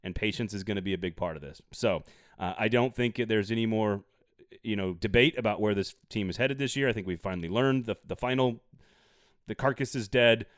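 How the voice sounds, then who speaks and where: A man hosting a casual sports podcast, getting animated and worked up, tossing in jokey plugs. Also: lowish voice, brisk, no echo, clean studio sound. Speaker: podcast host.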